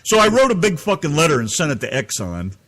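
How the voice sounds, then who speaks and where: A man's voice: fairly high pitch, sing-song, fast, a bit bright. A man from the United States telling an angry, profane story as a podcast co-host. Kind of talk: ranting storytelling.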